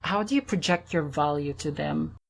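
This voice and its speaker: A woman's voice: sits low, normal speed, vocal fry. A woman hosting an interview, affirming her guest often and asking questions. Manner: warm affirming, many backchannels. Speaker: interview host. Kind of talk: interview conversation.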